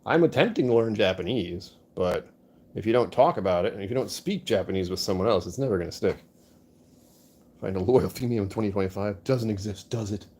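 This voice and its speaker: A man's voice: on the low side, darkish tone, slightly rough. A man casually chatting with his live-stream viewers, joking and poking fun at himself while answering the chat. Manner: chatty, jokey, self-mocking.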